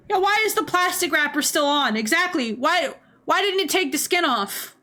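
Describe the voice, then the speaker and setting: A young adult woman giving casual livestream commentary, animated, laughing often and swearing freely. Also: extremely high pitch, moderate pace, hardly any pauses. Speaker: streamer.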